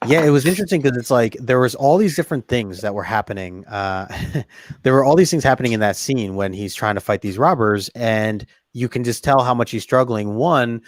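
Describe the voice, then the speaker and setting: An American man retelling comic scenes in a relaxed, rambling way, with plenty of fillers. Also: medium pitch, fairly quick, no room sound, studio quality. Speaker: podcast co-host. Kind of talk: casual chat about comics.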